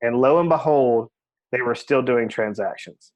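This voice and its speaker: With a medium pitch and moderate pace, a male real estate agent reflects on his own experiences as a podcast guest. The talk is casual interview storytelling, candid, and full of "you know" fillers.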